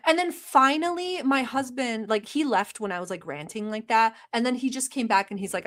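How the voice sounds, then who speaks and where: A woman's voice: a little high, expressive, brisk, hardly any pauses, fairly bright tone. A young woman hosting a livestream, talking in a sarcastic, rambling, mock-earnest way with lots of fillers. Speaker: livestream host. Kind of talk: satirical livestream chat.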